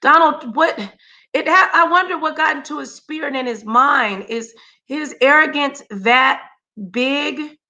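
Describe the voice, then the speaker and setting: Brief: woman streamer, bright tense tone, slangy, talks to her viewers. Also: high-pitched, measured pace. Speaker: livestream host. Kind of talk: casual reaction commentary.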